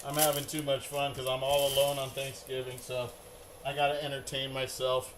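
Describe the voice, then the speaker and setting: A man's voice: medium pitch, monotone, moderate pace, noisy background. A middle-aged man hosting a live card break, chatting in a rambling, upbeat way.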